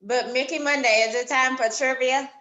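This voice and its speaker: A woman with a bright, fairly high voice co-hosts a casual interview. She is upbeat and chatty and laughs easily between questions. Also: fairly even intonation, normal speed, low-quality recording. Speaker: co-host.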